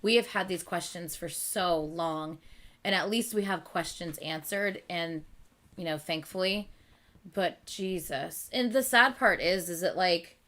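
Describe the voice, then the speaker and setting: A woman's voice: fairly low pitch, unhurried. A woman hosting a casual live reading at home, chatting and thinking aloud about the story. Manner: animated, chatty, thinking aloud with many okays. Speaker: host reading and reacting. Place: at home at night.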